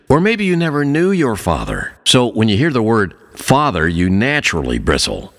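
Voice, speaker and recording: A man preaching a sermon, earnest, telling a story and slowing down on key phrases. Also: a bit bright. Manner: earnest, swings pitch widely for emphasis.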